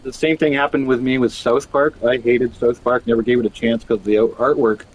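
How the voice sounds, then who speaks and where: A man's voice: medium pitch, steady tone, a little fast, rough recording. A man chatting casually while gaming, telling rambling, profane stories full of restarts. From Canada. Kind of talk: casual chat.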